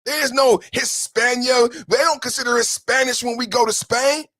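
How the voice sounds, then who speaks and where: A man's voice: very high-pitched, fairly even intonation, moderate pace, a bit bright, no room sound, clean studio sound. A man hosting a solo podcast, ranting in a heated, emphatic way with frequent profanity. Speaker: podcast host.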